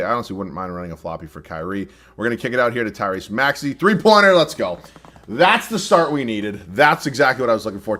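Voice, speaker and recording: A man's voice: medium pitch, sharp tone. A young man commenting live on his own basketball video game, self-deprecating and prone to frustrated, swearing outbursts. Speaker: gaming YouTuber.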